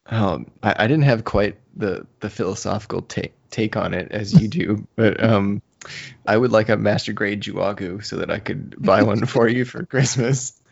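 Gravelly low-voiced man in casual podcast chat. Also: fairly even intonation, normal speed. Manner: laughs often, hesitant restarts. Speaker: podcast co-host. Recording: muffled lo-fi audio.

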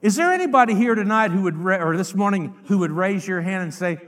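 Middle-aged preacher, high bright tenor, fiery revival delivery with shouts and hushed asides. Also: male voice, animated, quick pace, hardly any pauses. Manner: swings from shouted outbursts to low confiding asides. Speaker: evangelist.

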